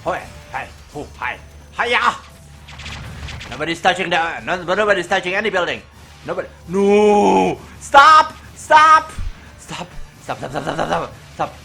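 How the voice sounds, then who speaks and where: Frantic, high-voiced game commentator man. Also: normal speed, creaky, faint music behind. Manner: frantic panicked exclamations; animated, joking. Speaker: gaming channel host. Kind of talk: let's play commentary.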